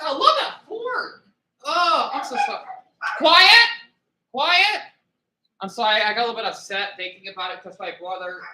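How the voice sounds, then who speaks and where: Bright-voiced young man chatting on stream. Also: high voice. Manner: rambling, scolds chatters, hushes his dogs. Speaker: livestreamer. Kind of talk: casual livestream chat with viewers.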